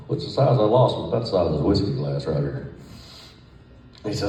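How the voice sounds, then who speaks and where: A man's voice: sits low, fairly quick, mellow, slight background noise. A middle-aged man telling a profane, laughing anecdote in a drawl. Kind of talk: storytelling anecdote. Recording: roomy, far from the mic.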